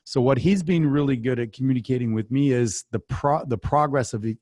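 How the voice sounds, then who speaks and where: A man answering interview questions as a company founder, talking energetically and telling quick anecdotes. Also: medium pitch. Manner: energetic, animated storyteller. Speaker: business coach and guest.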